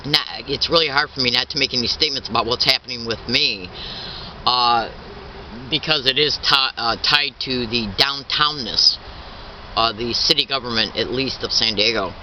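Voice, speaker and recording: Indignant halting man, distant dull recording. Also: mid-range voice, sharp tone, a little hiss or hum. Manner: halting, repetitive, restarts often; indignant, insistent. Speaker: activist. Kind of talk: impassioned spoken statement.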